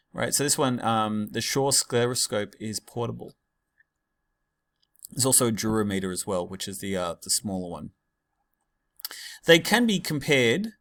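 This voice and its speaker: A male teacher gives a relaxed classroom lecture in a middle-pitched voice. He talks casually, wanders into asides and fills gaps with ums. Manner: casual, digressive, many fillers.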